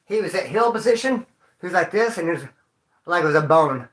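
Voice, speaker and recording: A man tells stories to his viewers in a rambling way, heavy with street slang and profanity. His voice is bright and forceful. The room around him is echoey. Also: high-pitched, animated, fairly quick. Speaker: vlogger. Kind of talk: casual storytelling to viewers.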